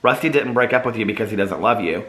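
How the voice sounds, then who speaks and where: A man's voice: fairly low pitch, fast, fairly bright tone, reverberant, lightly acted. A man voicing a loving, wistful uncle who speaks with heartfelt tenderness.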